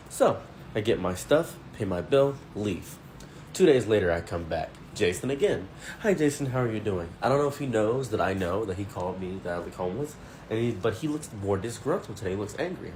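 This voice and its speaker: A man tells a first-person story in a blunt, indignant, conversational way. His voice sits a bit low, with a faint background noise under it. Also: a little mellow.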